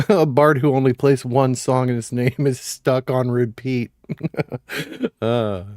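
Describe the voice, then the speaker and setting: A man's voice: medium pitch, fairly even intonation, slow, a little mellow, no room sound, studio quality. Laughing, profane gamer man streaming. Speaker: livestream gamer. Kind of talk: casual live-stream chat.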